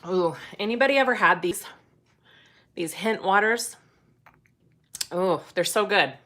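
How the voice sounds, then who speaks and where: A woman's voice: mid-range voice, a little slow, bright, forceful tone. A woman hosting a live sewing demonstration, chatty as she explains each step and greets viewers. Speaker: sewing tutorial host.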